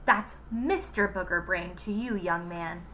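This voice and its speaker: A woman's voice: fairly low pitch, measured pace, pushed and bright, slight background noise. A woman reading aloud as a fussy, rule-obsessed young man who supervises a playground, speaking primly. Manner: prim, stickling.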